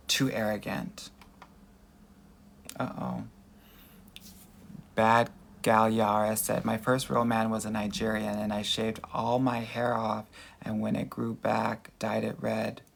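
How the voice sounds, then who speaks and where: A man's voice: fairly low pitch, creaky, a bit bright. A man working as a dating coach, answering viewer comments in a chatty livestream Q&A with a Valley Girl voice and mannerisms, calling everyone girl and honey.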